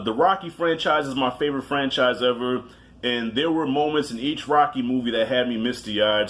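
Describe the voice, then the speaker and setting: A man counts down his favorite movies in a casual, rambling way, full of restarts and swearing. His pitch sits in a middle range for a man, and he jokes at his own expense as he goes. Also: fairly bright tone. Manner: loose and profane, with self-mocking asides. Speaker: movie reviewer.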